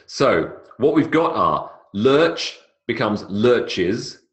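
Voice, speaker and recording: This is a pronunciation lecture for an English class, delivered by a man not from South America. His example words come out slow and drawn-out, each one stressed by a lively leap in pitch.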